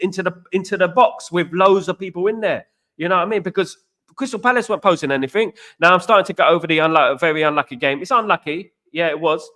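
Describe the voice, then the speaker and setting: The fan channel host, a man with a slightly high, fairly bright voice, keeps things chatty on his live stream. He calls out chat viewers by name, drops "you know what" often, and gives a loose running take on the match.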